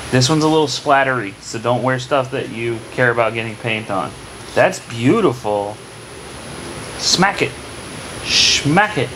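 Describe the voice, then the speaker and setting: A man's voice: mid-range voice, noisy background. A man filming a home vlog, cheerfully coaching his daughter through a painting activity with short repeated cues. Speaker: vlogger and father. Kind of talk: casual vlog, coaching a child through art. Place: home, indoors.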